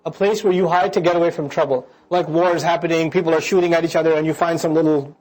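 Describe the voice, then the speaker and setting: A man giving a lecture on scripture, animated and joking in a conversational way. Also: a little high, quick pace. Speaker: preacher explaining scripture.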